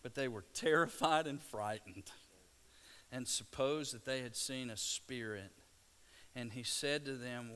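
A middle-aged man preaches at an unhurried pace with a mid-range voice. He retells scripture with animated asides, stammering restarts and bursts of energy. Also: mid-range voice, clear, resonant tone. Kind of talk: sermon.

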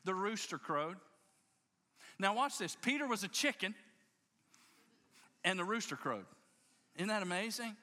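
A man's voice: sits high, lively intonation, measured pace, pauses often, pushed and bright. A man preaching a sermon to his congregation, telling the story with passion and emphatic restarts. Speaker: pastor. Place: church service before a congregation.

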